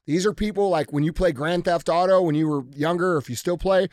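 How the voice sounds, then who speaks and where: Male co-host, slightly high voice, dry sound, forceful opinions. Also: quick pace, no room sound. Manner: emphatic, opinionated, rhetorical questions. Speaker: podcast co-host. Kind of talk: casual chat.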